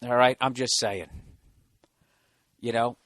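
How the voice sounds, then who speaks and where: A man's voice: mid-range voice, fairly even intonation, takes it slowly, fairly bright tone, no room sound, clean studio sound. A man hosting his own podcast from a hotel room, ranting in a sarcastic, profane, rambling way. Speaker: podcast host. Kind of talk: solo comedic podcast rant.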